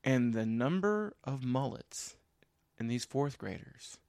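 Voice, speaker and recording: A man and parent co-hosting a casual chat, stammering into his points and getting animated as he tells stories. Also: mid-range voice, slow, creaky, dry recording, clean studio sound. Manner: stammering restarts, animated when telling stories. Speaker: podcast co-host and parent.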